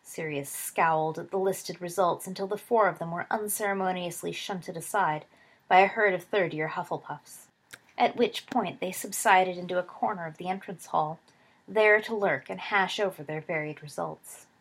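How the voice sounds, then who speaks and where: A woman reading a story aloud as narrator, steady, dropping low and soft for dialogue tags. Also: moderate pace, husky. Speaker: reader.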